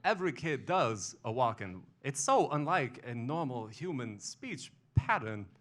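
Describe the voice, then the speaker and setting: A man's voice: medium pitch, sing-song, fairly bright tone, faint music behind. A man on stage impersonating an eccentric older actor whose speech halts and stresses the wrong words. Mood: deadpan. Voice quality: halting cadence with stress in odd places. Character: eccentric older male actor, deadpan and odd. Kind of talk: live stage impression. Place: small comedy venue.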